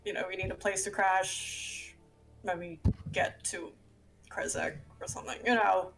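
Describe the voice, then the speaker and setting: A woman's voice: medium pitch, steady tone, unhurried, vocal fry, a bit bright, soft background music. A woman playing a tabletop game, chatting casually, hesitant and giggling often. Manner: giggly, hesitant, many fillers. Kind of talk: casual play chat.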